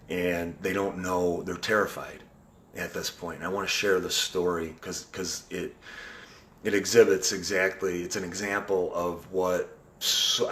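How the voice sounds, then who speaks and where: A man's voice: deep voice, a bit bright, slight background noise. A man hosting a casual live video chat, talking in an earnest, rambling way with frequent restarts. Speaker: live-stream host.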